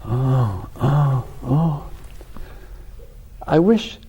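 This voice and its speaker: A man's voice: mid-range voice, lively intonation, extremely slow, dark tone, lo-fi sound, a little hiss or hum. A man voicing a lonely shipwrecked man in a joke, hesitant and fumbling for words. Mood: dithering. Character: lonely, dithering castaway man.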